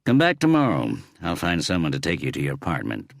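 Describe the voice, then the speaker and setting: A man's voice: a bass voice, wildly swooping pitch, a little fast, no room sound, studio quality, full character voice. A man voicing a blunt, assertive woman homicide inspector with an American accent. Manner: blunt, loud and clear.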